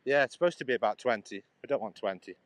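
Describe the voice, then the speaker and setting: Walking a cycle path outdoors, an English livestreamer rambles casually to his viewers through a phone while traffic goes by. He speaks animated and fast in a mid-range, fairly bright voice, with no echo.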